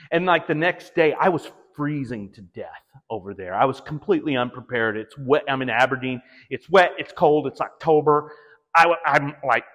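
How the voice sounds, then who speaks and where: A man giving a casual gallery talk about his artwork, rambling and restarting his sentences as he tells stories. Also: mid-range voice. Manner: rambling, self-interrupting, animated storytelling. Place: art gallery. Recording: long reverb of a gallery hall.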